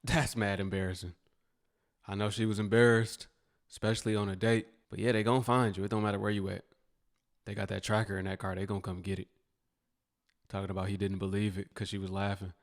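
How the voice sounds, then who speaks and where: A man's voice: fairly low pitch, flat delivery, brisk. A man commenting bluntly and mockingly on viral clips in a casual, laid-back way.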